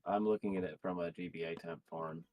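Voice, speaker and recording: A man's voice: sits low, fairly even intonation, a little fast, a little mellow. A man reacting on a live stream, blunt and outraged, swearing freely.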